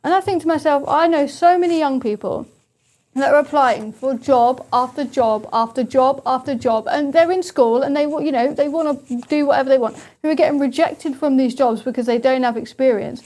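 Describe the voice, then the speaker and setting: A woman's voice: high voice, a little fast, darkish tone. A young woman, a talk radio guest speaking earnestly and opinionatedly. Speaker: studio guest.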